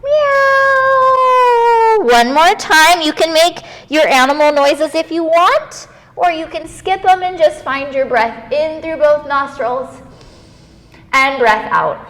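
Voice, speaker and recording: Playful kids yoga teacher, high woman. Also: measured pace, in a large hall. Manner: gentle, playful, encouraging, with animal noises. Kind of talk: guided children's yoga class.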